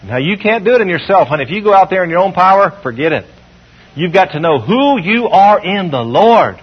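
A man preaching a sermon, leading the congregation in call-and-response and slowing down when he reads scripture. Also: sits high, big pitch swings, husky, highs cut off.

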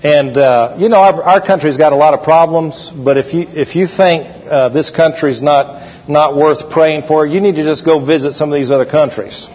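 A man's voice: fairly high pitch, normal speed, few pauses. A man preaching a sermon in a folksy storytelling manner with fillers. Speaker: pastor. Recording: echoey hall, dull sound.

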